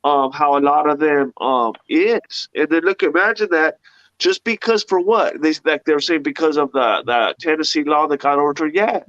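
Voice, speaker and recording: A man's voice: on the high side, normal speed, a bit bright, no room sound. Indignant rambling man, dull lo-fi sound. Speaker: panelist. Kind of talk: casual talk-show discussion.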